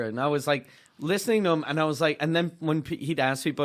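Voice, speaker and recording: Quebecois man, comic, profane rambling anecdote, slightly higher voice. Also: brisk, fairly bright tone. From Quebec, Canada. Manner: profane, rambling, many restarts. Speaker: comedian guest. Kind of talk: casual storytelling.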